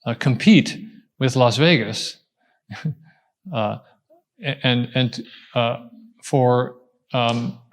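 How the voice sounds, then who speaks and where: A man answering an audience question at a talk, explaining step by step, pausing and restarting as he thinks. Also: mid-range voice. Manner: thoughtful, explaining step by step with frequent pauses and restarts.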